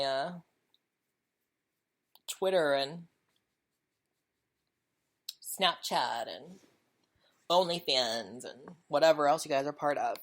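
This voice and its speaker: A woman hosting her own podcast, talking candidly and chattily in a casual solo monologue, often repeating herself as she goes. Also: low voice. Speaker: podcast host.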